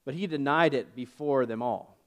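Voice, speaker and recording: A man's voice: medium pitch, normal speed. A man preaching a sermon as pastor, retelling a story casually with fillers and self-corrections. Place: church.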